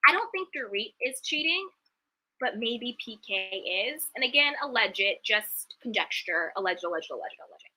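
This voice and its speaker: A young woman with a very bright, fairly high voice talks candidly in a casual live-stream. She is emphatic and chatty, and she stops to read viewer comments aloud. Her tone is forthright and conversational. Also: lively intonation, normal speed, poor audio. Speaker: reality TV commentary host.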